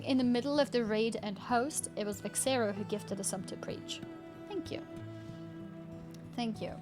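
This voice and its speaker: A woman livestreamer chatting casually, thanking viewers and giggling while playing a game. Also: on the high side. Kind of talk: casual gaming stream chat. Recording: game music underneath. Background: game music.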